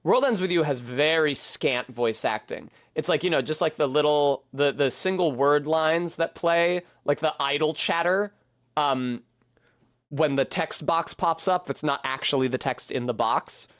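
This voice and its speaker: A man with a somewhat high voice thinks aloud while he plays a game on stream. His talk rambles and turns self-deprecating, with the odd swear. The recording is close and dry. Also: measured pace, fairly bright tone, no room sound. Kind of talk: casual commentary while playing.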